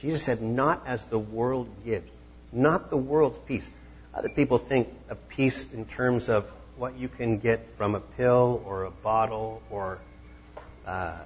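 A man's voice: mid-range voice, highs cut off, slight background noise. A man preaching a conversational sermon as pastor, now and then acting out the disciples. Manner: conversational, acts out voices of the disciples.

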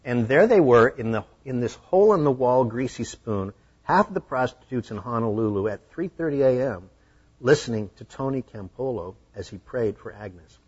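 Preacher telling a sermon story, husky, muffled lo-fi recording. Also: male voice, mid-range voice, normal speed. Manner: animated, acting out the scenes. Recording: dull lo-fi recording.

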